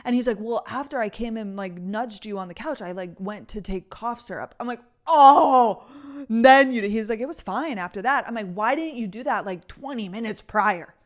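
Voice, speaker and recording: A young woman hosts her podcast and talks in a loose, chatty way, full of asides and little fillers. Her voice sits at an ordinary middle pitch. She sounds lively as she tells a story to her listeners. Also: fairly quick, few pauses. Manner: chatty, animated, filler-heavy with frequent "like" and "you guys". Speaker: podcast host. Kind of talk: casual storytelling chat.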